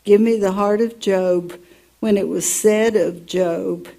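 A woman leads a devotional Bible lesson, reading each line slowly and deliberately. Her voice is mellow and warm, and she unhurriedly works through her points, laughing now and then. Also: medium pitch, fairly even intonation, vocal fry, rough recording. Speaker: Bible teacher. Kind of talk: devotional teaching, reading contrasts aloud.

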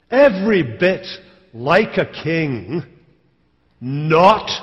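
A man's voice: sits high, long reverb tail, lo-fi sound, pitched above the performer's own voice, full character voice. A man voicing a sarcastic young queen, mock-sweet and biting.

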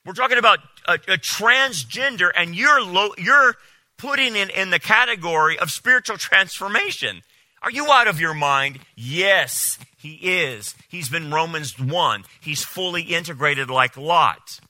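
A man preaching a sermon as a pastor, animated and incredulous, often mocking what others say. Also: sits high, a little slow, no echo.

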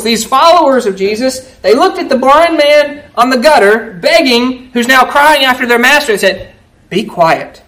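A man preaching a conversational sermon, telling Bible stories with animated delivery and frequent "right?" checks to the congregation. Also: very high-pitched, poor audio.

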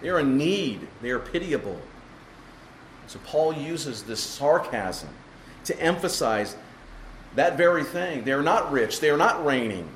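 A man's voice: on the high side, animated, a little slow, fairly bright tone, slight background noise. A man preaching an expository sermon, explaining the text emphatically and asking the congregation rhetorical questions. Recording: echoey room with faint ambience.

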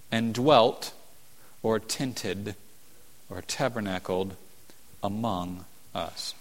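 A man preaching a sermon as a pastor, earnest, rising to emphatic peaks and falling to hushed tones. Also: medium pitch. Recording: long hall reverb.

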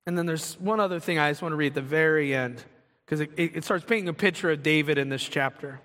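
A male pastor delivers a sermon in a high, bright voice. He reads scripture aloud and acts out quotes with animated emphasis. His words carry a long reverb from a large hall. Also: quick pace.

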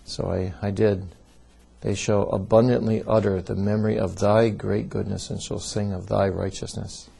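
A man's voice: on the low side, flat delivery, moderate pace, gravelly, mellow, slightly rough. A man giving a seminary theology lecture, reading scripture with strong emphasis and leading a prayer.

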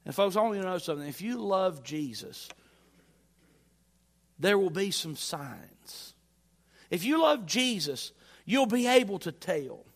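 Male pastor, high voice, emphatic church sermon delivery. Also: lively intonation, measured pace, long pauses. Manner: emphatic, repeats phrases with rising force.

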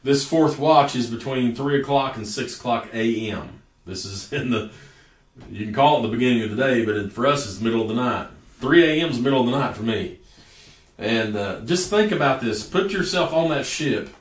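A man's voice: medium pitch, a little fast. A man preaching a sermon in a folksy storytelling way, stretching out words for emphasis. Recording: echoey room from a distance.

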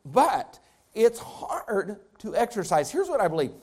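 Man, pastor, sermon, very high pitch, emphatic repetition. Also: very animated, unhurried, darkish tone. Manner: preaching with rising intensity, repeating phrases.

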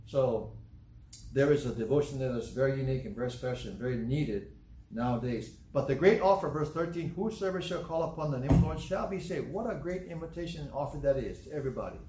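A man's voice: medium pitch, quick pace, mellow, a little hiss or hum. A man preaching a sermon, emphatic and repetitive, asking rhetorical questions. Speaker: pastor. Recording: echoey room with faint ambience.

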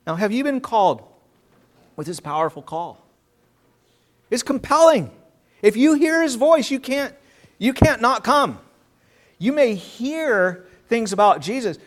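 A man preaching a sermon in an earnest, emphatic way, drawing out key words and repeating himself as he restarts. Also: sits high.

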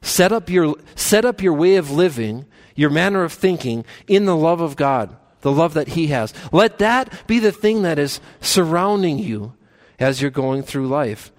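A man pastor preaching a sermon in a church, earnest, climbing to emphatic peaks and slowing down on key phrases. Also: a little high, lively intonation.

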